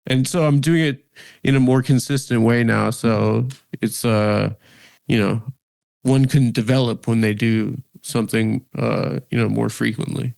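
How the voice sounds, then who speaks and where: A man in his thirties, a comedian guest in a casual interview, talking in halting starts with lots of fillers and self-mockery. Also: medium pitch, fairly even intonation, creaky, darkish tone. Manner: halting, many restarts and "like" fillers, self-deprecating. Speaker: comedian and podcast host, guest.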